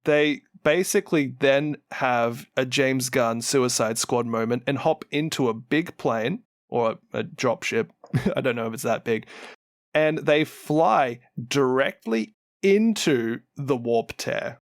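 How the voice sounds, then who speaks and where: A man's voice: medium pitch, slow pace, dry recording, studio quality. A man with a New Zealand accent, co-hosting a podcast and animatedly retelling lore, laughing often and acting out what characters say. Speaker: podcast co-host.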